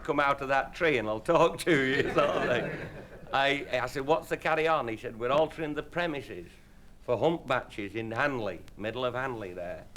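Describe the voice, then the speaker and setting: A man telling rambling, bawdy comic anecdotes as an after-dinner speaker, chuckling as he goes. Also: medium pitch. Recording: hissy old live tape recording. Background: audience laughter.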